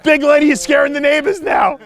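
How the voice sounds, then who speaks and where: A man hosting a podcast, telling a story in casual, animated chat outdoors, swearing freely and laughing. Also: very high voice, fairly quick, heavy background noise. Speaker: podcast host. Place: outdoors by a house in the sun.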